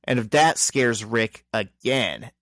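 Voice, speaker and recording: A man's voice: mid-range voice, animated, vocal fry, fairly bright tone, no echo. Wry man recapping comics, dry mic. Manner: wry, joking summary with quick voices for characters. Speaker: podcast co-host. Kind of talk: casual chat recapping a comic.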